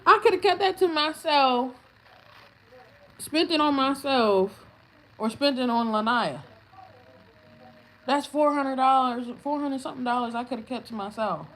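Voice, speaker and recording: A woman's voice: high-pitched, measured pace, pauses often, fairly bright tone. A woman hosting a casual livestream, answering trolls in chat with brash, profane comebacks and frequent laughter. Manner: laughs often while talking. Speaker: livestream host.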